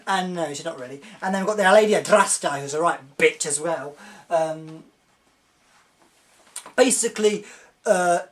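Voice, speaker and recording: Excitable rambling young reviewer man. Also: fairly high pitch, moderate pace, pauses often. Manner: excitable, rambling, mimics characters. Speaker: video reviewer. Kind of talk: casual video review.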